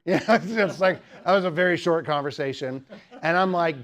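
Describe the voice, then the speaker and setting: Man, young, higher-pitched, joking lecturer, teasing, chatty with fillers. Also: a little fast, a bit bright. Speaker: teacher giving a talk. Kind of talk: humorous lecture to a student club.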